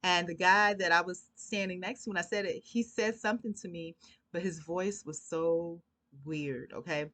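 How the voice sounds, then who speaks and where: A woman tells a personal story in a chatty, animated way, filling pauses with little asides. Her voice is bright and forceful, recorded close and dry with no room sound. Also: fairly low pitch, no echo. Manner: chatty, peppered with "you know", animated asides. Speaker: commentary vlogger. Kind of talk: casual storytelling commentary.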